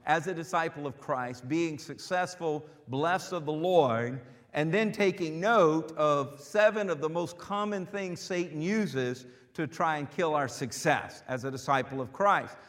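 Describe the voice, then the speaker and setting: High voiced preacher guy, fired up, big echoey church hall. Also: measured pace. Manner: preaching with rising fervor, calls and responses. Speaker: pastor. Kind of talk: sermon. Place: church sanctuary. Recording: long hall reverb.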